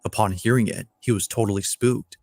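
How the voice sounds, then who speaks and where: A man narrating a compilation of scary videos in a steady, measured, scripted storytelling voice. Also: fairly low pitch, heavy background noise. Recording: faint music underneath.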